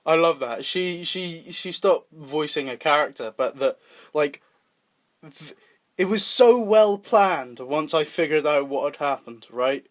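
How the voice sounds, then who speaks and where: A Scottish man in a loose, joking podcast chat, with a voice that sits a little high. He laughs often and swears freely as he tells his stories. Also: expressive, unhurried. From Scotland. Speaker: podcast co-host. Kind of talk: casual chat.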